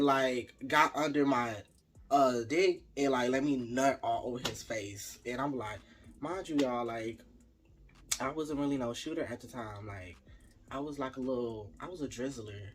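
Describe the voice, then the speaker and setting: A man vlogging a casual storytime, talking straight to his viewers in a lively, chatty way. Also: mid-range voice. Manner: animated, chatty, addresses viewers directly.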